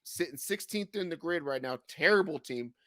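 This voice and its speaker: A man's voice: fairly high pitch, lively intonation, normal speed, fairly bright tone, no room sound, clean studio sound. A man co-hosting a sports podcast, rambling and joking in a casual chat. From California. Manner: rambling, joking, many fillers. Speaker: podcast co-host.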